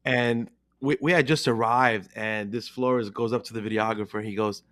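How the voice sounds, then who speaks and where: Bright-voiced man telling a funny story. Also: mid-range voice, expressive, a little fast, hardly any pauses. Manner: laughing storyteller. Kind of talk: casual chat.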